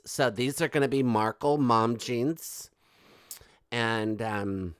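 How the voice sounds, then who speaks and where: A soft, self-absorbed celebrity woman, as a man mocks her, murmuring her lines lazily and slowly, thrilled with herself. The voice sits dry and close, with no room around it. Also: lowish voice, dry recording, pitched below the performer's own voice. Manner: soft, airy and self-absorbed, full of "oh my God" and "like". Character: mocking impression of a vain, scatterbrained celebrity woman.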